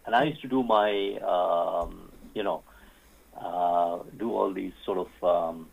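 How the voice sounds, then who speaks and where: A man, a radio guest who tells stories haltingly, with many fillers and restarts. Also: deep voice, gravelly, slightly rough. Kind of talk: radio interview storytelling. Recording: phone-like narrow sound.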